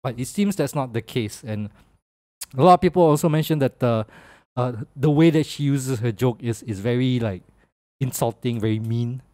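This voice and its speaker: Man, young adult, Malaysian English accent, podcast co-host, casual, laughs a lot, mid-pitched, dry close recording. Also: moderate pace, a little mellow, dry recording. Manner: chatty, laughs often, ends lines with "lah". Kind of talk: casual chat.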